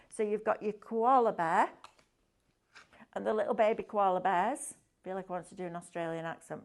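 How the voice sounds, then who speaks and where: A woman presenting a craft shopping show, upbeat and enthusiastic, chatting and asking tag questions as she demonstrates products. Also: mid-range voice. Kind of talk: chatty live sales demonstration.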